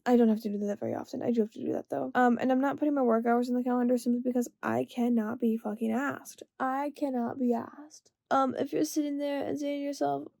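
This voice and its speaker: A woman's voice: sits high, steady tone, fast talker, gravelly, hardly any pauses, warm tone, no echo. A young woman vlogger ranting late at night, exasperated, rambling and swearing constantly.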